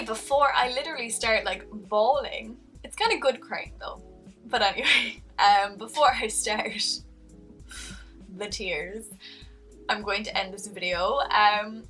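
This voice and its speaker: A young woman vlogs in an earnest, rambling way, often restarting her sentences. Her voice is bright and sharp. She sits a little back from the mic, with faint music underneath. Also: medium pitch, distant mic. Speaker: vlogger. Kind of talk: heartfelt casual vlog.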